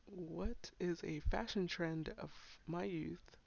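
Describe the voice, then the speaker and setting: Giggly, gravelly young woman chatting slowly. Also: lowish voice, a little mellow, slight background noise. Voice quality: frequent giggles, breathy whispered asides. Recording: slightly dull lo-fi sound.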